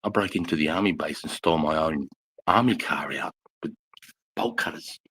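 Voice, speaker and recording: A man's voice: very deep voice, expressive, normal speed, sharp tone, a little hiss or hum, poor audio. A man, a former army instructor, telling rowdy stories in casual live chat, blunt and full of swearing. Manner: blunt, swears constantly, rambling war stories.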